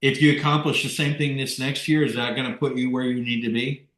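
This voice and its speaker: A man's voice: mid-range voice, fairly even intonation, brisk, fairly bright tone. A man with a mid-range voice makes dry, teasing remarks while hosting a casual group discussion. His voice carries around an echoey room. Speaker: workshop host.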